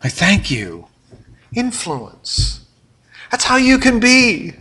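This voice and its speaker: An older man delivers a sermon with a bright, forceful voice pitched a little high. He peppers the congregation with questions, then drops to near-whispered asides before building back up. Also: slow, pauses often. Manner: animated, questioning the congregation, swings from loud to quiet. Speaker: pastor.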